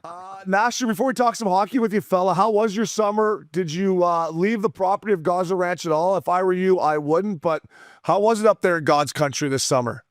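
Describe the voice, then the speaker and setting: A man's voice: high-pitched, a little fast, no room sound, clean studio sound. A man hosting a casual podcast, trading crude, teasing banter with the guest. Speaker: podcast host.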